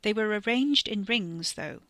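A woman in scripted narration, reading a horror serial in a measured way that slows for tension. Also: medium pitch, lively intonation, a bit bright, dry recording. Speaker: podcast storyteller.

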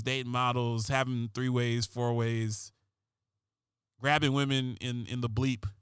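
A male radio host on a comic political rant, rambling and sarcastic, tripping over repeated words before he lands his punchlines. His voice sits at a middling pitch and is recorded close, with a dry, dead studio sound. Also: pushed and bright, smooth, no echo. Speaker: radio talk show host.

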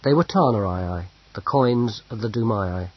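A man narrating an audiobook in a measured storytelling manner. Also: on the low side, lively intonation, breathy edge, no room sound. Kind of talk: scripted narration. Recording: dull lo-fi audio.

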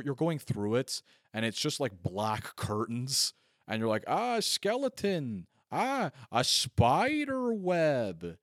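A man's voice: lowish voice, no room sound, clean studio sound. A man in his thirties telling a rambling comedic story, full of "like" and self-mocking asides. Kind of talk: casual comedic storytelling monologue.

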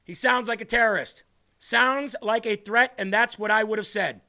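A man's voice: high-pitched, fairly even intonation, normal speed, sharp tone. A man hosting his own livestream show, giving heated, combative political commentary in an emphatic, ranting manner.

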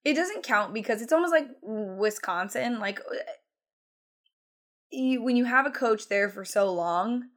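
A woman's voice: fairly high pitch, lively intonation, measured pace. A woman co-hosting a casual sports talk show, giving careful, tactful opinions. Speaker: co-host.

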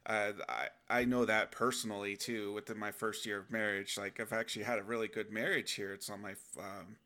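Man, young adult, low voice, forceful tone, casual reflective talk, acts out inner dialogue with sudden outbursts. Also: level tone, a little fast. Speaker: self-help video host. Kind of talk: casual spoken reflection to camera.

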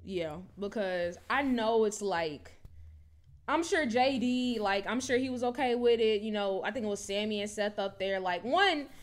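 A chatty woman co-hosting a casual podcast, talking in an easy, animated way and filling her sentences with "like." Her voice sits in a middle pitch, neither high nor low. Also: moderate pace. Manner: chatty and animated, many fillers like "like" and "low-key". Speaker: podcast co-host. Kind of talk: casual wrestling chat.

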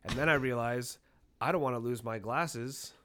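A young man co-hosting a podcast tells a rowdy story casually, swearing a lot and acting out the quotes in an animated, profane retelling. His voice is medium-pitched at a moderate pace, with a little hiss or hum on the recording.

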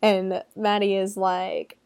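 A young adult woman talks through a movie plot in a loose, irreverent way, peppering it with "like", swear words and laughter. Her voice sits at a middling pitch and sounds dry and close, with no room around it. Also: flat delivery, slow pace, darkish tone, clear, resonant tone, no room sound. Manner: chatty and irreverent, swears, laughs often, fills with "like". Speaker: movie reviewer. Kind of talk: casual spoken film recap.

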